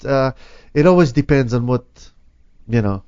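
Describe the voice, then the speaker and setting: A man's voice: medium pitch, expressive, moderate pace, dark tone, clean tone. A man hosting a morning radio talk show, chatting casually with many fillers. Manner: laid-back, many fillers. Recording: dull lo-fi radio audio.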